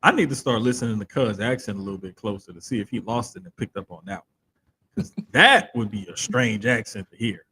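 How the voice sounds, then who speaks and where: A man with a Southern accent co-hosting a casual wrestling podcast, talking in an animated, drawn-out way. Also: lowish voice, a little hiss or hum. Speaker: podcast co-host. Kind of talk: casual chat.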